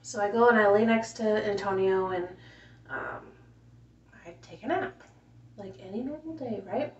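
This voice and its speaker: Soft-spoken woman, emotional, in a roomy space. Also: mid-range voice, moderate pace. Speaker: mother telling her story. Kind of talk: casual personal storytelling. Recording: roomy, distant, dull home recording.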